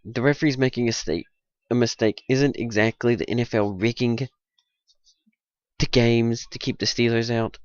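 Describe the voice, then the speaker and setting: A man's voice: mid-range voice, steady tone, moderate pace, no room sound. A man hosting his own video, rambling and poking fun at himself, with bursts of mock-indignant ranting. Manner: rambling, self-mocking, jumps into mock-indignant rants. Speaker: video host giving sports picks. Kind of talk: casual rambling monologue. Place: at home at a computer. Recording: dull, dry lo-fi audio.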